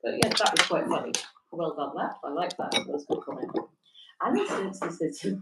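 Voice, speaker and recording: A woman co-hosting a casual livestream, reading out viewer comments with chatty giggles. Her voice is on the low side and swings a lot in pitch. It sounds roomy and a little distant from the mic. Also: very animated, brisk, vocal fry, very noisy. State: stiff neck. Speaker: livestream co-host. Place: holiday accommodation in Wales.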